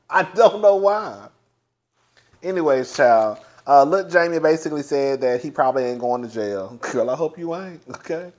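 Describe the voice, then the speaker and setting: A young man giving a sassy, chatty review of a reality TV show, swearing freely and laughing often as he talks. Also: mid-range voice. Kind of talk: casual commentary.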